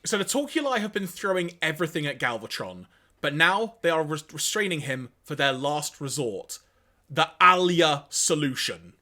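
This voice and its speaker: A man's voice: a little high, very animated, moderate pace, bright, forceful tone. A man co-hosting a podcast, recapping episodes in casual chat, acting out quoted lines with a laugh. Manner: reads quotes aloud in put-on voices, laughs often. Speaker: podcast co-host.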